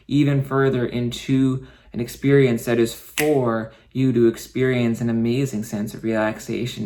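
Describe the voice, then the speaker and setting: A man leading a guided hypnosis session, speaking slowly and soothingly with repeated suggestions and a voice that often sinks to a near-whisper. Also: mid-range voice, a little mellow.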